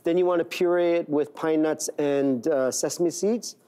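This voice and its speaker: Guy chef explaining a recipe on a tv cooking segment, warm dark tone, keeps asking right? okay?. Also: on the high side, normal speed, clean tone. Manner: explaining steps with many "right?" and "okay?" checks. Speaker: guest chef. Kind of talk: cooking demo on a daytime talk show. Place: TV studio kitchen.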